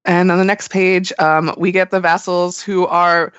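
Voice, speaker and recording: A woman on a podcast giving an animated, storytelling recap of a manga chapter. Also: lowish voice, a little slow, smooth, dry recording. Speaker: podcast host. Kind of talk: casual chat about a manga chapter. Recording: dry, slightly muffled audio.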